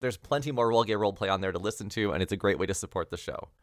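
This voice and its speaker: A man's voice: lowish voice, racing, no room sound, studio quality. A man hosting a tabletop role-play podcast, chatty and laughing at himself as he reads thanks and announcements. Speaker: game master and podcast host. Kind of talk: podcast announcements and game narration.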